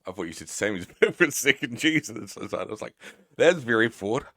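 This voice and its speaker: A man's voice: on the low side, expressive, quick pace, creaky, sharp tone, no room sound, clean studio sound. A man casually chatting with his stream audience in a rambling, sweary, teasing way. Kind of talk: casual live-stream chat.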